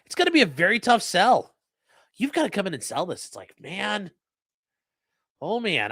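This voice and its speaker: A man's voice: high-pitched, wildly swooping pitch, moderate pace, a bit bright, no room sound, studio quality. A man hosting a casual livestream, talking bluntly with profane, mocking asides. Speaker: livestream host and lawyer.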